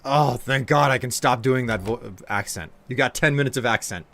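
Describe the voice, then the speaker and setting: A man's voice: medium pitch, normal speed, creaky, a bit bright. A man streaming a puzzle game live, thinking aloud to himself as he works and chatting casually with his viewers. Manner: chats with viewers.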